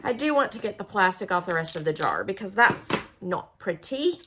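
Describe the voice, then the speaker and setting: A woman from Oklahoma speaks fairly quickly in an animated, medium-pitched voice, with background noise present. She's demonstrating a product in a casual how-to, chatty and folksy, talking to viewers as though they're her friends.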